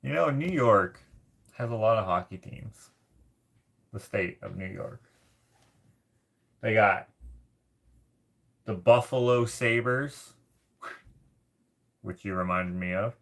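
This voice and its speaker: Slow gravelly-voiced man from Canada. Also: medium pitch. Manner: rambling, thinks out loud while searching things up. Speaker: livestream host. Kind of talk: casual livestream chat, reading viewer comments aloud.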